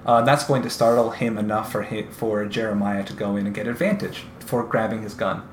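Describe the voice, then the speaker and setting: A man's voice: fairly low pitch, steady tone. A man narrates a tabletop game as its game master, stopping often with ums and starting over. His voice carries a roomy echo, with faint ambient noise underneath. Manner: halting, with frequent ums and restarts.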